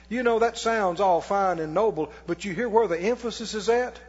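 A man preaching in a church, his voice pitched high and a bit husky, with folksy call-and-response to the congregation. The recording is dull and lo-fi, and a long hall reverb trails each phrase. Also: expressive, a little fast, hardly any pauses. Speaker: pastor. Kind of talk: sermon.

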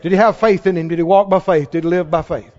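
High, lively preacher in a reverberant hall. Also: male voice, quick pace. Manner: emphatic preaching, calls for audience response. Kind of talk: sermon. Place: church sanctuary. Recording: dull sound in a large reverberant hall.

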